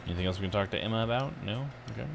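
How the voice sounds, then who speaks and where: A man's voice: lowish voice, rapid-fire, gravelly, music in the background. A man casually chatting through a game on a livestream, laughing at his own slips. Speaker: streamer. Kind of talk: casual live game commentary.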